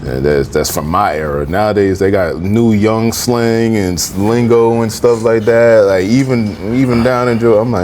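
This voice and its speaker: A man from New Jersey, co-hosting a podcast in loose casual chat, who tells stories in a laid-back way and gets animated at the funny parts. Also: fairly low pitch, moderate pace, few pauses, slight background noise. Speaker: podcast co-host.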